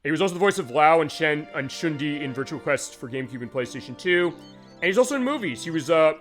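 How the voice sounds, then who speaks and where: A man's voice: mid-range voice, a bit bright. Chatty, rambling man streaming a game. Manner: rambling, chatty, many fillers and restarts. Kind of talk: casual let's-play commentary.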